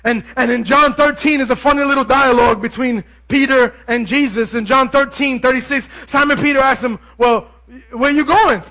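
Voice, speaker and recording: Male preacher, very high voice, bright and forceful, lively conversational sermon, joking. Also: a little fast, hardly any pauses.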